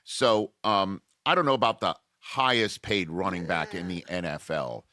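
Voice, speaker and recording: A man hosting a casual sports debate podcast, animated and riffing, often breaking off thoughts midway. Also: low voice, normal speed, dry recording, studio quality. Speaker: sports talk host.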